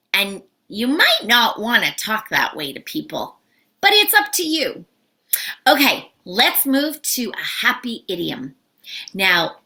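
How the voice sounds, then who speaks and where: A middle-aged woman from Canada teaching a live English lesson, acting out short dialogues in playful voices. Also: on the high side. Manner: animated, acts out little dialogues with playful voices. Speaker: ESL instructor.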